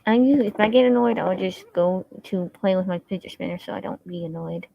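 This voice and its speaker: A woman's voice: on the low side, fast talker, gravelly, dull audio. A woman chatting casually and easily on a live stream. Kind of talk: casual chat.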